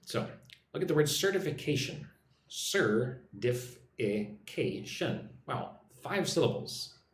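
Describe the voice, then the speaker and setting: A lively, upbeat American man teaches English on a live stream from his home in a Vietnamese city. He reads viewer names and chat comments aloud in a casual lesson and models phrases for people to repeat. His voice sits on the high side, and the sound is roomy.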